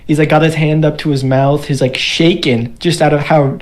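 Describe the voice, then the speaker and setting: A woman's voice: sits low, fairly even intonation, normal speed, darkish tone. A woman narrating as game master on a stream, chatty and playful, with frequent "like".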